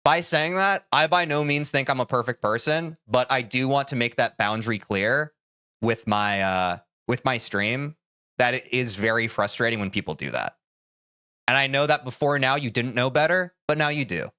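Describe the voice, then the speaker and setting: A young man streaming live, heated and swearing as he talks to his chat about boundaries, then calming into careful apologies. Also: mid-range voice, normal speed, clear, resonant tone, dry recording, clean studio sound. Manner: heated, swears a lot, switches to calm apologies.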